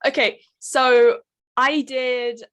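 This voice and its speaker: A woman's voice: high voice, little pitch movement, very slow, fairly bright tone. A young woman, chatting as an interview guest, with a lot of ums and giggles. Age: young adult. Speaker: guest voice actress. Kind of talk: casual interview chat. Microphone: headphone mic.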